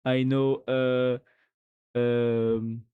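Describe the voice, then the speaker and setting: A man's voice: mid-range voice, flat delivery, very slow, clear, resonant tone, narrow, tinny audio. A man with a French accent chatting casually and joking while he codes on a live stream. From France. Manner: joking, musing aloud, full of restarts.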